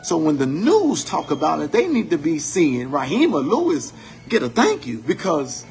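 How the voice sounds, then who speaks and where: A man speaking in a fairly high register, fiery and profane, driving his points home through preacher-like repetition. It is an impassioned commentary monologue with a little music playing softly underneath. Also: wildly swooping pitch, moderate pace.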